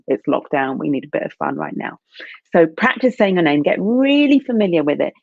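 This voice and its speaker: A woman confidence coach talks straight to her audience, encouraging them and setting tasks. Her voice has a gravelly fry, and the sound is dry and narrow, like a phone line. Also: low-pitched, no room sound. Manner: encouraging, direct, giving tasks to the viewer. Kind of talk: live video coaching talk. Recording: dry, phone-like live stream audio.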